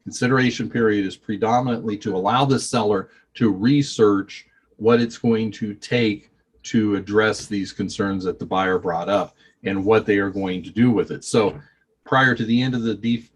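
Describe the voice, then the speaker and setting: A man teaching a real estate training, reading contract clauses aloud and explaining them in a folksy, conversational way. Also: on the low side.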